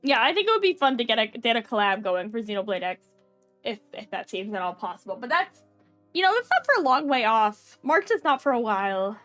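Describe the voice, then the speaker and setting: A young woman streamer talking in a loose, rambling way, full of "like" and little laughs. Her voice sits a bit high, and the recording is close and dry with faint music underneath. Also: sing-song, a little fast, fairly bright tone, no room sound. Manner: rambling, filler-heavy, giggly. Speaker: VTuber streamer. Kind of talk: casual live-stream chat.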